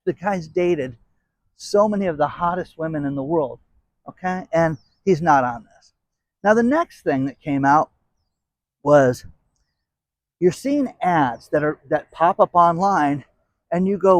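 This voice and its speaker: A man's voice: a little high, animated, a little slow, long pauses, no echo. A man hosting his own channel, talking casually to viewers and driving his points home with repeated "okay?". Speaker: channel host. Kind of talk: casual commentary to camera.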